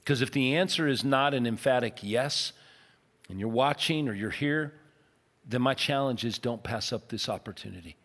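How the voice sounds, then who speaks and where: A male pastor preaches with earnest emphasis, leaning hard on key words and easing into quiet prayer. His voice sits mid-pitched and carries with a long reverb through a large church auditorium. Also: moderate pace. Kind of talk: sermon with altar call.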